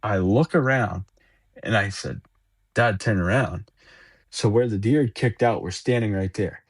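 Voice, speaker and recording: A man with a low, husky voice tells a story in a loose, rambling way. He stumbles over and repeats words while acting out bits of dialogue. The sound is close and dry. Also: unhurried, no echo. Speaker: podcast guest. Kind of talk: casual storytelling.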